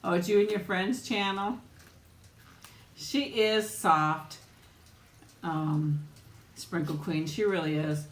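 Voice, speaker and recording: A woman's voice: on the low side, fairly even intonation, slow pace, long pauses. Chatty laughing woman streamer, roomy sound. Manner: chatty storyteller, laughs often while talking. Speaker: live-stream host chatting with viewers. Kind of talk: casual live chat while eating.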